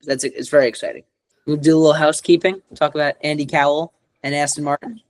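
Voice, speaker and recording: A man's voice: on the high side, fairly even intonation, quick pace, a little mellow. A man co-hosting a podcast in casual chat, rambling with lots of fillers and restarts. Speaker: podcast co-host.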